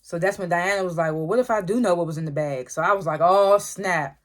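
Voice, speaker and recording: A reviewer loosely retelling a TV episode in a casual recap, with many "like" fillers and frequent throat clearing. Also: mid-range voice, rapid-fire. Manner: loose storytelling, lots of "like" and "was like" retellings.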